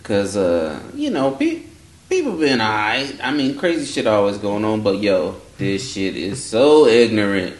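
A man hosting a podcast, talking in a profane, slangy, animated way. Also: lowish voice, a little slow, echoey room. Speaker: podcast host. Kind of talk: casual podcast chat.

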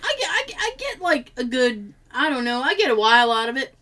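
Lively, bright-voiced young woman chatting. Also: high-pitched, fairly quick. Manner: lively storyteller, laughs often, acts out quotes. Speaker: podcast co-host. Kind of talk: casual chat.

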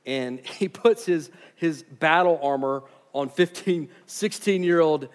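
High-voiced man preaching a lively sermon. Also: slow, long reverb tail. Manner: lively storytelling, shifts between soft asides and loud emphasis. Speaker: pastor.

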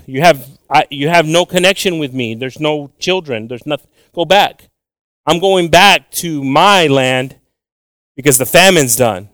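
A young man teaching from the Bible with animated emphasis, switching between English and Spanish and repeating words as he goes. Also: a little high, no room sound. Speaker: preacher.

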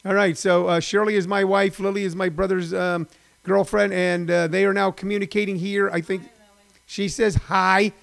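A man's voice: sits high, flat delivery, normal speed, gravelly, a bit bright. A middle-aged man, a former stand-up comic, hosting a casual live stream from home, rambling and chatty with lots of fillers.

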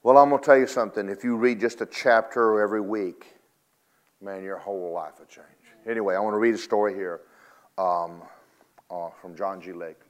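An older man preaching a sermon, rising loud and high on key points, then dropping low and quiet to tell stories. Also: moderate pace.

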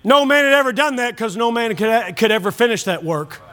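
A male pastor preaching an impassioned sermon, often shouting and calling listeners "friend.". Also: extremely high pitch, animated, fairly quick.

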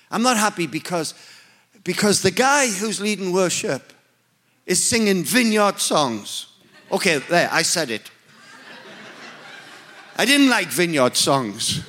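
A man's voice: high-pitched, a bit bright, slight background noise. A man with a Northern English accent, a preacher telling a story in a sermon with humorous, emphatic, self-mocking delivery.

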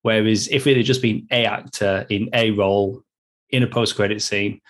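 A man's voice: lowish voice, steady tone, moderate pace. An Australian man co-hosting a casual film review podcast, speaking in an opinionated, emphatic way. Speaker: podcast co-host.

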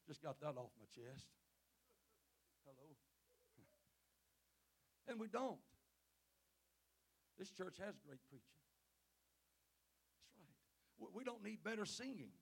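Male preacher, high voice with gravel. Calls "amen?" to the pews, loud peaks and low asides, joking between points. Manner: calls out "Amen?" and "Hello?" to the congregation; jokes with the crowd between points. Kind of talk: sermon. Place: church sanctuary.

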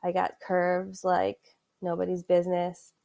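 A woman's voice: lowish voice, monotone, a little slow, creaky, warm tone. Woman in her thirties, talkative guest with a casual, laugh-prone delivery. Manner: chatty, frequent "like" fillers, laughs mid-sentence. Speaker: podcast guest. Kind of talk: casual conversational storytelling.

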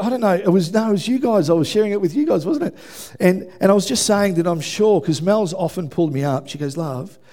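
A man preaching a sermon in a church, telling lively stories and acting out quotes with self-mocking asides. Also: on the high side. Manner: animated storytelling, acts out shouted quotes, self-deprecating asides. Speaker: pastor. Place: church hall with congregation.

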